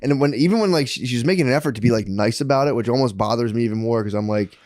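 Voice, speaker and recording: A man's voice: mid-range voice, very fast, dry recording, studio quality. A man in his thirties co-hosting a podcast, telling stories in casual chat, swearing and laughing often. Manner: profane, animated storytelling with frequent laughs. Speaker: podcast co-host.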